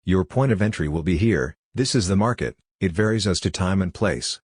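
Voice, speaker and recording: A man's voice: deep voice, lively intonation, moderate pace, a little mellow, slightly rough, no room sound, studio quality. A man reading the lines of a young male doctor who lectures in a matter-of-fact way. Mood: lecturing.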